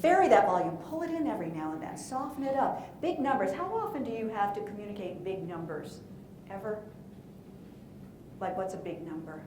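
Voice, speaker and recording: A woman giving a lively, playful workshop talk in a conference room, asking the audience questions as she coaches. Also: medium pitch, fairly quick, reverberant, noisy background. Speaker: presentation coach.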